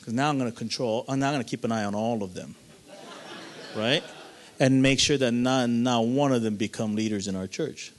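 A male pastor telling a story in a sermon, animated and swinging between loud and hushed. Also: mid-range voice, normal speed.

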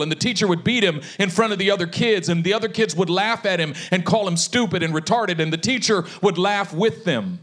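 A male preacher telling a story in a sermon, speaking with passion that builds toward shouting. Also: sits high.

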